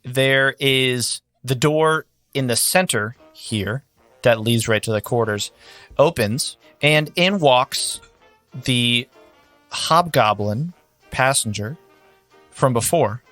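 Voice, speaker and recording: A man narrating as game master in a relaxed, conversational way, with faint music underneath. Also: mid-range voice, slow, dry recording.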